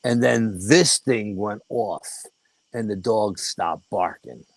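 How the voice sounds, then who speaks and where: Speaking slowly in a lowish, creaky voice, an older man who is a guest paranormal investigator recounts a story during an interview. He's casual and animated, swearing freely and performing the quoted dialogue, though the audio quality is poor.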